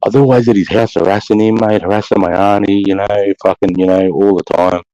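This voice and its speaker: A man's voice: on the low side, steady tone, quick pace, warm tone, no room sound. A man with an Australian accent in casual chat, telling rambling, profane stories packed with "mate" and "brother". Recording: slightly muffled, dull recording.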